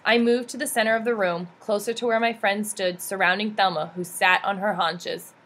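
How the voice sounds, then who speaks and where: A woman reads a memoir aloud with steady, earnest storytelling. Her pitch sits in the middle of the range and her delivery stays plain and sincere, never theatrical. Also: moderate pace. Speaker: audiobook reader.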